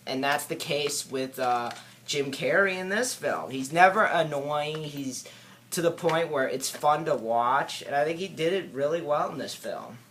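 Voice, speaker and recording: A man giving a casual spoken film review, hesitant and halting, with many filler words and restarts. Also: fairly high pitch, fairly bright tone, slight background noise.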